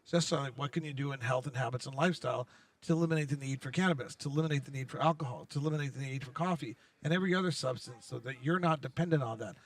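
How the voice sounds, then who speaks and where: A man's voice: mid-range voice, rapid-fire, recorded from a distance. A man hosting a casual conference interview, enthusiastic and full of restarts. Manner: enthusiastic, talks over guest, many restarts. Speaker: interview host. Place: conference venue.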